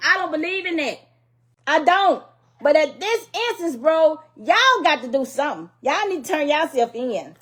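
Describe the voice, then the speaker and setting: A grieving middle-aged mother from Louisiana, her voice strikingly high and sharply bright. She pleads and scolds in emphatic, repetitive bursts, raw with anger and grief. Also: lively intonation, normal speed. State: grieving and angry. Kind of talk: impassioned public plea.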